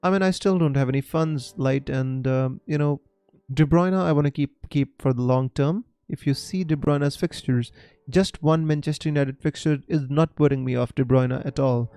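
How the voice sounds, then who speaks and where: A man's voice: fairly high pitch, mellow, smooth, no echo, soft background music. Indian man chatting on a live stream. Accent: Indian English. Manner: chatty, halting, many fillers, reads viewer comments aloud. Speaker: fantasy football streamer. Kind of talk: casual live-stream chat.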